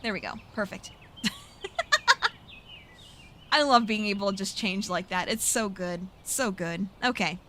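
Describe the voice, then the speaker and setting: A woman's voice: mid-range voice, measured pace, pauses often, sharp tone, a little hiss or hum. A woman streaming a video game who chats and thinks aloud, with frequent giggles and playful asides. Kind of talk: casual live-stream commentary.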